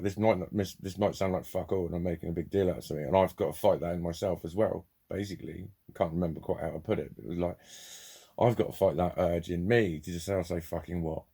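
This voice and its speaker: A man's voice: deep voice, vocal fry, mellow, slightly rough. A man talking to camera in a casual vlog monologue, rambling and blunt, swearing heavily as he talks. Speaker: vlogger.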